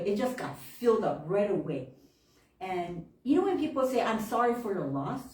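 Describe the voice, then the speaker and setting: A woman minister giving a heartfelt personal testimony to her congregation, laughing often and jumping up in pitch when she gets excited. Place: church hall. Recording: roomy room, voice from far off.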